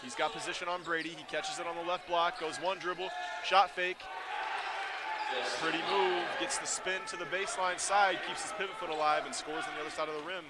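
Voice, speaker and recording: A man commentating a basketball game play by play, his calls rising to shouts on the big plays. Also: a little high, little pitch movement, fairly quick. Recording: loud gym noise behind the voice.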